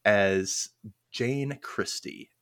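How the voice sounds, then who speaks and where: A man's voice: fairly low pitch, very slow, a bit bright, clean tone, no echo, clean studio sound. A man with a Southern American accent from Mississippi, hosting a casual podcast, rambling and laughing at his own jokes. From United States. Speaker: podcast host.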